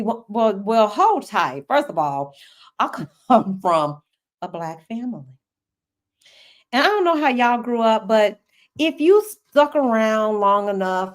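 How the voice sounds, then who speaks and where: A middle-aged woman from the United States hosting a casual live-stream Q&A. She is chatty and animated, laughs often and talks straight to her viewers. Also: mid-range voice. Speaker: host answering viewer questions.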